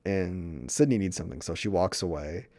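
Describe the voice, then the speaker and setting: Casual male movie reviewer, low and mellow, profane and rambling. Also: expressive, moderate pace. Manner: rambling, profane, retells scenes with quoted dialogue.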